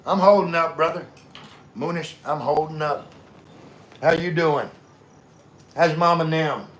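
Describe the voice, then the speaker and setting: A middle-aged Southern-accented man from Louisiana hosts a laid-back livestream, chatting with his audience and calling out viewers by name as he reads comments. His drawling voice is a little high and a bit bright at a measured pace, over slight background noise.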